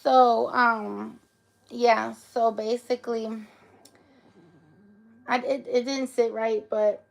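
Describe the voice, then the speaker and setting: A woman's voice: fairly high pitch, fairly even intonation, slow, vocal fry. A young woman earnestly telling viewers a personal story on a livestream. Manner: earnest, emotional retelling, talks straight to viewers. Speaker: live streamer.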